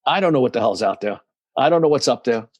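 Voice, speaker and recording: A man's voice: medium pitch, lively intonation, fast talker, darkish tone, no echo. A man in his sixties, a guest in a casual interview, talking in rambling runs and acting out voices in his anecdotes. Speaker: guest, musician and recovery coach.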